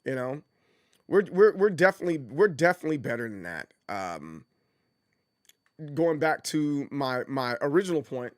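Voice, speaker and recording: A man chatting casually on his livestream, rambling with frequent restarts and jumping into high mock voices as he tells stories. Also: big pitch swings, moderate pace, no echo, clean studio sound. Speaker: streamer.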